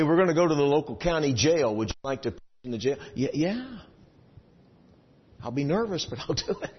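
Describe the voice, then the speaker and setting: A man preaching a sermon, telling a personal story with lively swings between loud excitement and hushed asides. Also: fairly high pitch, breathy edge. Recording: dull sound in a large reverberant hall.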